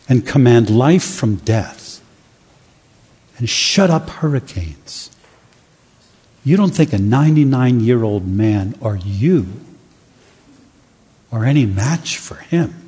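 A man preaching a sermon with dramatic, emphatic pauses. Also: medium pitch, expressive, dark tone, slightly rough. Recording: long reverb of a large hall.

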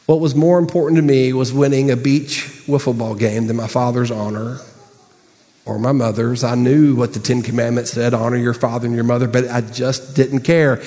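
A man preaching a sermon, telling a story with sudden high bursts and hushed asides. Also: long reverb tail. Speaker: pastor.

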